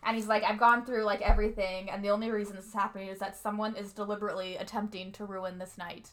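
A woman's voice: mid-range voice, fast talker, slight background noise. A woman co-hosting a casual chat, retelling a movie plot with frequent laughter. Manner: laughs often, animated storytelling. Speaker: podcast co-host recapping a movie.

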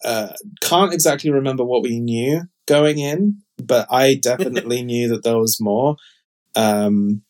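A man talking casually on a podcast, rambling along with lots of fillers and restarts. His voice sits at an ordinary middle pitch for a man. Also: normal speed, a little mellow. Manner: chatty, rambling, frequent fillers. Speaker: podcast co-host. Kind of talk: casual chat.

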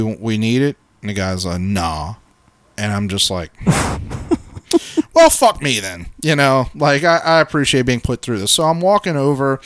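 Male podcast co-host, casual storyteller, heavy swearing, mid pitch, dry sound. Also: dry recording. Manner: profane, animated, acts out quotes.

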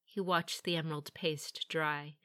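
A woman narrates a fantasy audiobook in a steady, even storytelling manner. Her voice sits slightly low yet sounds bright and crisp. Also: a little slow.

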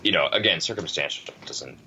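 Very deep-voiced man chatting casually. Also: lively intonation, a little fast, bright, forceful tone, a little hiss or hum, low-quality recording. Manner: rambling, thoughtful, many fillers and restarts. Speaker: podcast co-host. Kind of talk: casual chat.

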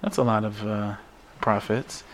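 A man's voice: on the low side, fairly even intonation, a little slow, a little hiss or hum. A man hosting a casual podcast chat, rambling loosely with jokes and fillers. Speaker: podcast host reading news.

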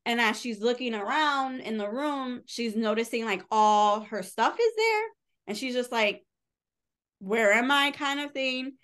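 Woman, slightly high voice, loose rambling podcast book recap, lots of "like". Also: expressive, measured pace, a bit bright, clear, resonant tone. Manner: chatty, rambling, heavy use of "like", casual swearing. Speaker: podcast co-host reviewing books.

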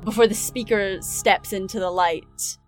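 A woman's voice: mid-range voice, steady tone, normal speed. Woman game master narrating, playful and vivid, faint music under. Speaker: dungeon master.

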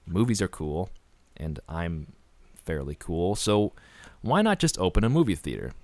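Male podcast host, sarcastic and deadpan, lively pitch, dry close mic. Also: no room sound. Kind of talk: comedy podcast ad reading.

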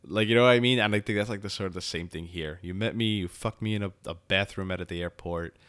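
This podcast co-host has a low, clear, resonant voice and talks quickly while dissecting a TV episode. His casual chat wanders and stays lively, with plenty of swearing.

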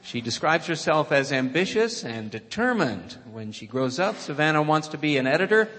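A man's voice: on the high side, very animated, normal speed, fairly bright tone. A man reading award citations aloud at a ceremony in a large hall. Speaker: award announcer. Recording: reverberant hall sound.

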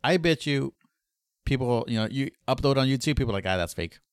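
A male podcast co-host jokes around and thinks out loud in casual chat. His voice is close and dry, with no echo from the room. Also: mid-range voice, fast, clear, resonant tone.

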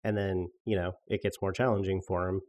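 A man's voice: deep voice, little pitch movement, brisk, a little mellow. A man co-hosting a podcast, chatting casually, thoughtful and hesitant with dry jokes. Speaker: podcast co-host and player.

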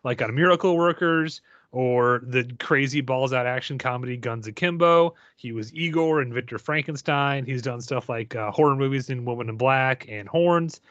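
An opinionated man co-hosting a casual podcast chat. His voice is bright and forward, recorded very dry and close. He slips into playful mock rants. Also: mid-range voice, moderate pace, no room sound, muffled recording. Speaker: podcast co-host.

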